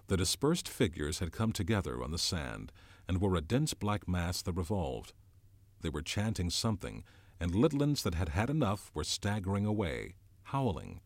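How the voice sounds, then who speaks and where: A man narrating a novel in a measured, dramatic storytelling manner. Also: deep voice, lively intonation, no room sound. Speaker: audiobook narrator. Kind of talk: scripted narration.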